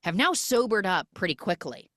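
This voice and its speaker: A woman hosting a podcast, retelling a film with jokey, animated storytelling on a close mic. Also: mid-range voice, normal speed, no echo. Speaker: podcast host. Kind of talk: comic film recap.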